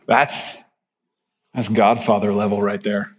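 A man's voice: on the low side, fairly even intonation, a little slow, a little hiss or hum. A male pastor giving a conversational, emphatic sermon full of rhetorical questions. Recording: reverberant hall.

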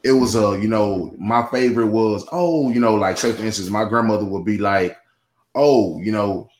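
A man's voice: on the low side, normal speed, a little hiss or hum. A man talking in a casual podcast conversation, rambling with many restarts and asides. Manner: rambling, with many restarts and "you know what I'm saying". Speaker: guest. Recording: roomy echo.

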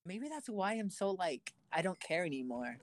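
Young male co-host, animated storyteller who laughs at himself, close and dry. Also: sits high, normal speed, no room sound. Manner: self-mocking, animated storyteller. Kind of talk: casual chat.

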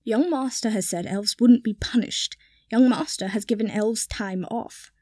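A dour old male house-elf servant, prim and easily panicked, frets in a fairly high voice, as a woman reads him aloud. The storybook telling is dry and close, with no room around it. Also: a little slow, darkish tone, dry recording. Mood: fretful. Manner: prim, fretful, rising to panicked wails.

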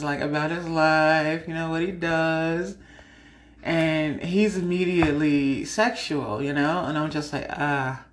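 A woman hosting a podcast, chatting casually and frankly, laughing often and acting out conversations. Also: deep voice. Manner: frank, laughs often while telling stories; animated, acts out her own side of conversations. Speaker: podcast host. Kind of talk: casual chat.

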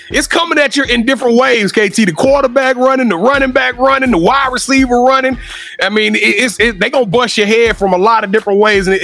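High, excitable hype-man host. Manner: energetic, slangy, repeats words while thinking. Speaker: interview host. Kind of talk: casual hype interview.

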